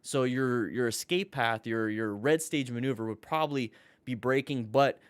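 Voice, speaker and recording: Clear and resonant, a mid-range male voice at normal speed, with no room sound, leads a live-streamed motorcycle class. The riding instructor reviews riding videos, joking with the audience and coaching upbeat.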